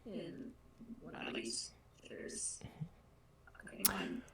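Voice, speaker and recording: A woman's voice: slow pace, a bit bright. A woman playing a tabletop game, talking casually and often whispering to herself. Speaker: player. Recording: roomy, distant mic with clear noise.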